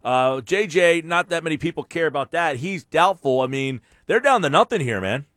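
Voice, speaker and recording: A man hosting a sports radio show, talking in a casual, laid-back way with plenty of halting fillers. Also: fairly high pitch, lively intonation, fairly bright tone, no room sound. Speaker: radio host.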